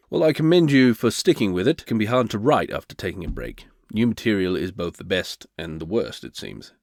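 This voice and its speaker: A man's voice: lowish voice, expressive, normal speed, dry recording. A man hosting a podcast, interviewing a character in a scripted comedic style, teasing and probing. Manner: teasing, probing, playfully dry. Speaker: podcast host.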